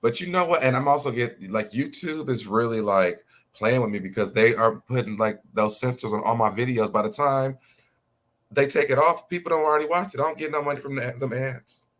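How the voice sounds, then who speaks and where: A man's voice: medium pitch, fairly quick, a bit bright. A man co-hosting a casual gossip chat over a video call, rambling and laughing often, talking straight to viewers. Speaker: co-host of gossip show.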